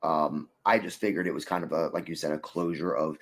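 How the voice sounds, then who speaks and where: A man's voice: very deep voice, steady tone, brisk, breathy edge. A man co-hosting a casual review chat, rambling with many fillers and restarts. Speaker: co-host reviewing an episode.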